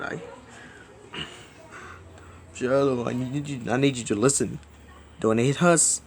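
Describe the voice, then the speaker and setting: Guy ranting at the camera, begging over and over, keeps restarting words, gets loud then mumbly, medium voice, a bit of hiss. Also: mid-range voice, fairly even intonation. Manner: pleading and repetitive, swings between loud outbursts and mumbling; halting, restarts words often. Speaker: video creator. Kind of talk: rambling direct-to-camera plea.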